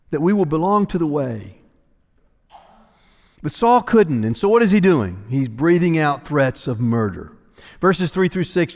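A man preaching a sermon as pastor, emphatic, repeating phrases for weight and moving between hushed and raised delivery. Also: high voice. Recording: long reverb of a large hall.

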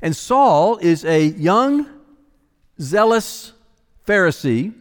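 A man's voice: high-pitched, big-room sound. A man preaching an expository sermon as pastor, dramatic and emphatic, sometimes dropping to a near-whisper for weight.

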